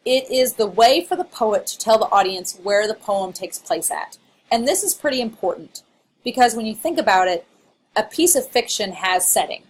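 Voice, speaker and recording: A woman's voice: medium pitch, a little hiss or hum. A woman with a Southern Illinois accent giving a recorded college English lecture, chatty and playful, with frequent laughs and asides.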